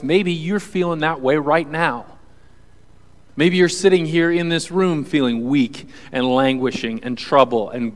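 A man's voice: a little high, big-room sound. A male pastor preaching a sermon to a congregation in an earnest, conversational way. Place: church hall with audience.

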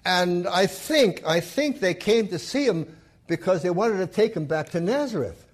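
A man delivering a sermon, his pitch rising and falling freely as he retells a scripture story. His voice sits slightly high for a man, and he throws himself into the quoted lines of the story. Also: normal speed. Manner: retells scripture with acted quotes, lively and emphatic. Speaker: pastor.

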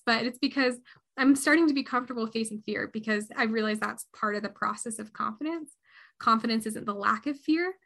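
Young woman in her 20s, interview guest, earnest and reflective, slightly high, bright voice. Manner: earnest and reflective, with frequent restarts. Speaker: podcast guest, harpist. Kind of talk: interview answers.

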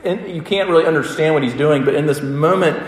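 A man's voice: fairly high pitch, fairly quick. A man preaching a sermon and leading a prayer, speaking earnestly and conversationally and often repeating phrases. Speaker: pastor. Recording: roomy, echoing hall.

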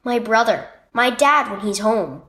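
A woman's voice: on the high side, animated, unhurried, fairly bright tone. A woman reading a children's devotional story aloud, voicing a young girl who misses her soldier father and asks earnest questions.

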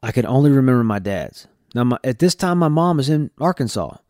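A man's voice: mid-range voice, expressive, fairly quick, darkish tone, dry recording, clean studio sound. A man from Texas candidly telling his personal testimony as a podcast host, earnest and full of restarts.

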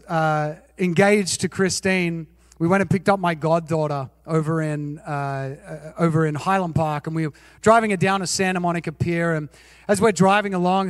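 High-voiced pastor telling a story. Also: male voice, no room sound, big-room sound. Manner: animated, self-mocking, asks the audience questions. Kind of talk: sermon with personal storytelling.

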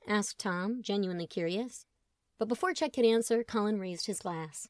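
A young woman host reading her own comic fan fiction aloud in a playful, animated way. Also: medium pitch, normal speed, dry recording, studio quality. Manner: playful, animated character voices. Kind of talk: casual storytelling read-aloud.

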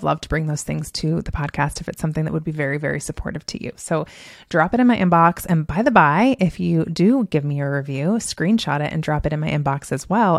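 A woman hosts a solo motivational podcast in a low, gravelly voice. She talks emphatically and candidly, swears freely and laughs often as she tells stories. The sound is dry and close to the microphone. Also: no echo. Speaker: podcast host.

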